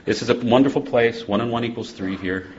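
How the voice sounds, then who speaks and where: A man speaking at a recovery convention, joking and animated, moving between loud bursts and hushed passages. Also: mid-range voice, brisk, slight background noise. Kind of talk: humorous personal talk to a live audience. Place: convention hall. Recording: dull lo-fi live talk recording.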